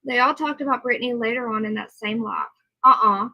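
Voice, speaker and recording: A woman hosts a casual livestream, talking easily and answering her viewers as she goes. She sounds tired, but her voice stays bright and a little high. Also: brisk, low-quality recording. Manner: chatty, reads and answers viewer comments. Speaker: livestream host.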